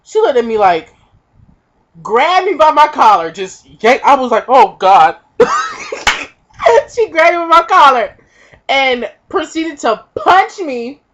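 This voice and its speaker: A young woman vlogger telling a comic personal story, animated and profane, acting out the voices of the people in it. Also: high-pitched, a little slow, noisy background. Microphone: webcam. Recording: dull lo-fi webcam audio.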